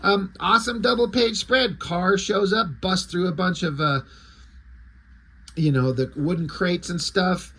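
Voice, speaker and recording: Crude, husky-voiced man recapping comics. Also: sits high, measured pace. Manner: crude, excitable, sarcastic. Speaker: comic book reviewer.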